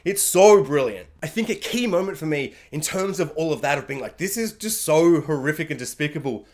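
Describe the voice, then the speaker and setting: A man ranting excitedly in a casual TV review, gushing and slipping into quick impressions of characters. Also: a little high. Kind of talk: animated TV review rant.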